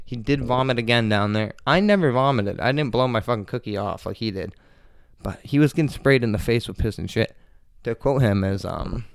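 A man hosting a podcast, telling a casual story with constant swearing and animated retellings. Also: on the low side, creaky, no echo, studio quality. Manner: profane, animated, heavy swearing. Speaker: podcast host.

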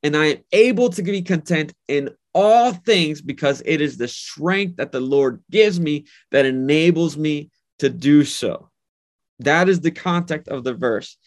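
Gravelly-voiced man preaching earnestly. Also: fairly high pitch, a little slow. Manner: earnest, repetitive, emphatic phrasing. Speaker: pastor. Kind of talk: sermon and prayer.

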